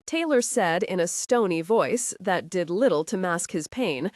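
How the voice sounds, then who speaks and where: A woman narrating an audiobook in an even, measured way. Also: lowish voice, no echo, studio quality, recorded from a distance. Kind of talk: scripted narration.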